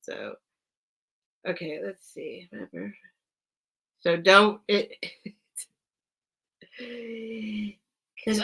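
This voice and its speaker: Chatty bright-voiced woman streamer. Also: mid-range voice, drawn-out words, vocal fry, pauses often, breathy edge. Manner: rambling, chatty, often breaks off mid-sentence; apologetic and giggly with viewers. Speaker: online seller hosting a live sale stream. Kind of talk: casual livestream chat.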